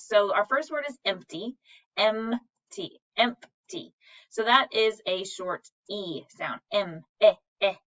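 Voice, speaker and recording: A woman teaches a reading lesson at a slow, careful pace, sounding out each word syllable by syllable. Her voice is bright and clear. The recording is a little dull and distant from the mic. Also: mid-range voice. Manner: patient, sounds out words syllable by syllable.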